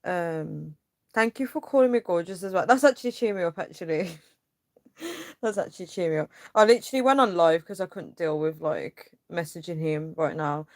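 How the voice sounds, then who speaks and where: A woman's voice: fairly low pitch, animated, normal speed, darkish tone, no room sound, clean studio sound. A young woman hosting a casual livestream. She reads viewers' comments aloud and vents her frustration in a rambling way, with lots of fillers. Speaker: livestream host.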